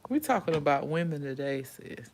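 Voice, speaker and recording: A woman's voice: low voice, sing-song, normal speed, darkish tone. A woman hosting a casual livestream chat, calling her viewers sis and honey and saying she keeps pressing on though she is tired. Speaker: livestream host. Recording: roomy room sound, faint background noise.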